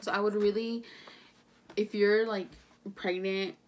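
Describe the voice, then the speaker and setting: A woman's voice: mid-range voice, flat delivery, unhurried, background noise. Chatty young woman vlogger. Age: young adult. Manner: chatty, rambling, many fillers and restarts; casual swearing. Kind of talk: casual storytime vlog.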